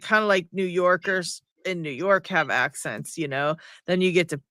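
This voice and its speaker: A man's voice: sits high, moderate pace, bright, forceful tone, slight background noise. A man from Pittsburgh with a Pittsburgh accent, co-hosting a casual livestream chat, rambling and laughing often. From Pittsburgh, USA. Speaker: livestream co-host.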